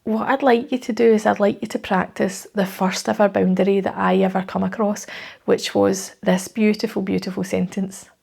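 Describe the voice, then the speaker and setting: A Scottish woman coaching her viewers, her middle-pitched voice running into a gravelly fry at the ends of phrases. She talks conversationally and reassuringly, and she often tosses in tag questions to draw the listener in. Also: steady tone, normal speed, a little mellow. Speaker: life coach. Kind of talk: direct-to-camera coaching talk.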